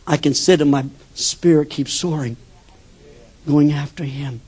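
An older man preaching a sermon as a pastor, telling stories with sudden shifts between loud bursts and hushed asides. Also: a little high, steady tone, a little slow, breathy edge.

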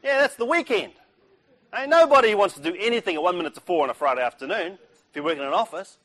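At a Christian breakfast, a middle-aged New Zealand man shares his testimony through storytelling, speaking quickly in a voice a little high for a man. He keeps it lively and funny, acting out each person he quotes.

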